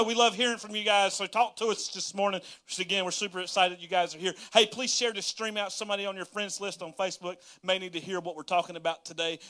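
Man, pastor, high voice, folksy laughing storyteller. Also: pushed and bright. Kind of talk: casual livestream sermon.

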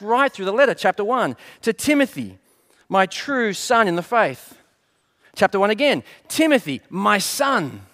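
Middle-aged man, pastor giving a sermon; expressive, rising and falling voice, light humour, fond of rhetorical questions. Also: high-pitched. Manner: asks rhetorical questions and answers them; light storytelling with gentle humour.

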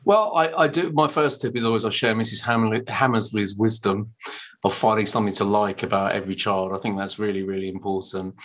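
A man's voice: fairly low pitch, fairly quick. Chatty male teacher trainer. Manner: animated anecdotes with bright put-on quotes. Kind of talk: casual podcast chat.

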